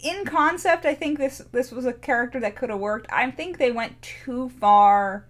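A young woman with a voice that sits high talks at a moderate pace about a cartoon she's reviewing. Her casual chat rambles and gushes, with many restarts along the way.

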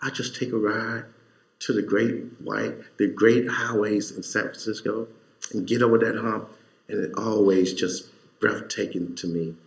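A man's voice: fairly low pitch, steady tone, unhurried, gravelly. A male pastor preaching a sermon, telling a story in a folksy way and building to fervent emphasis. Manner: folksy, informal grammar. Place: church sanctuary. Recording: echoey church hall.

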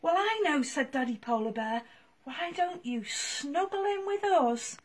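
A woman doing a loud daddy polar bear. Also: sits high, animated, measured pace, pitched above the performer's own voice. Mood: friendly. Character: big grown-up male polar bear, a daddy.

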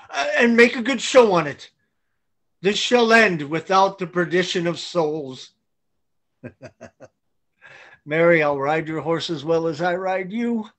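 A man's voice: high-pitched, a bit bright, exaggerated voice. A man reading a boisterous, scheming knight in a Zoom play reading, with a blustering, persuasive delivery. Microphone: video call.

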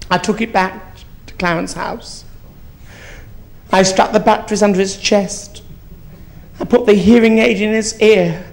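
A man playing a brash, gossipy old East End woman, telling rambling, bawdy stories on a theatre stage. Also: sits high. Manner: bawdy, rambling storytelling with swearing. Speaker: comedian in drag character. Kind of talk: live stand-up character comedy.

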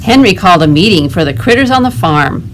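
A woman librarian leading a toddler storytime, reading a picture book aloud in a gentle, animated way. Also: fairly low pitch, quick pace, slight background noise. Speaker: children's librarian.

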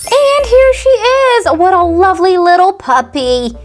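A woman's voice: very high-pitched, measured pace, faint music behind. A woman hosting a toy unboxing video, cheerfully talking straight to the viewers. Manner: cheerful, addresses viewers directly. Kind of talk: casual unboxing narration.

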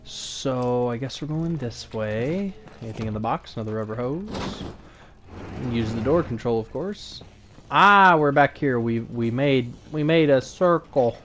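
A man providing let's play commentary in a calm, understated voice of middling pitch. He sounds less excited than he is, musing to himself and stumbling over small repeats. A soft background hiss runs underneath. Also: measured pace. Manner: low-key, flat delivery despite interest; thinks aloud, frequent small repeats. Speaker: gaming channel host.

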